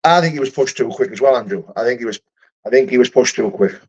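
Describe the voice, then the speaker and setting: A man's voice: medium pitch, fast talker, darkish tone, breathy edge, muffled recording. A young man who fights for a living, chatting casually on a livestream and answering viewer comments in a rambling, profane way with lots of restarts. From United Kingdom.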